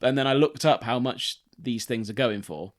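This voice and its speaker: A man, co-hosting a casual podcast chat, telling a story in an animated, mocking way and swearing freely. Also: medium pitch, normal speed. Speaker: podcast co-host.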